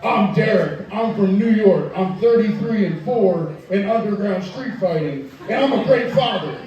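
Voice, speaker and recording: A man quoting a brash, boastful male brawler who has been thrown out of a bar, in a loud, aggressive voice. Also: sits high, lively intonation, normal speed, lo-fi sound. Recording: echoey room, far from the mic.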